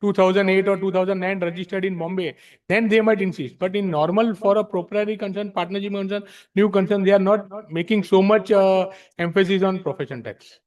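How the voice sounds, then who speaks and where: Frank, emphatic Indian man, fairly high voice. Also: fairly even intonation, brisk, a little mellow. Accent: Indian English. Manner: frank, emphatic, repeats himself. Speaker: speaker at a tax practitioners' study circle. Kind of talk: explaining to an audience, mixing English and Hindi. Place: library meeting room.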